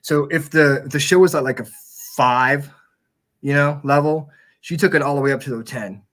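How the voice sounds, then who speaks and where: A man's voice: a little high, normal speed, fairly bright tone. Casual swearing podcast host, man. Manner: loose, swearing, rambling storytelling. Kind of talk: casual chat.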